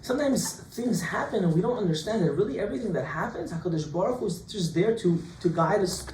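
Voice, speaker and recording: Rabbi guy teaching a class, jokey, lots of questions, voice on the high side, echoey room far from the mic. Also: fast. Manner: lively, joking, full of rhetorical questions. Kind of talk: informal Torah class. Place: classroom with students. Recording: echoey room, distant mic, faint hiss.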